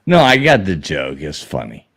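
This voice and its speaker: A man hosting a casual live stream, talking slowly and hiccuping as he chats. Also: a bass voice, wildly swooping pitch, vocal fry, a bit bright, husky. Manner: laid-back, keeps hiccuping. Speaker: livestream host.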